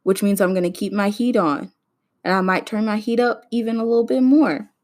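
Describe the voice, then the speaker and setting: A woman's voice: medium pitch, steady tone, a little fast, darkish tone. A woman in her twenties hosting a casual solo podcast, chatting and ranting straight to her listeners. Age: 20s. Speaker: podcast host.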